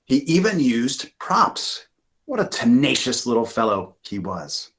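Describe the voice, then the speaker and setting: A man's voice: medium pitch, measured pace. A man from Maine, a children's author, reading his picture book aloud over a video call in a chatty way. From Maine, USA. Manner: animated, chatty with many fillers.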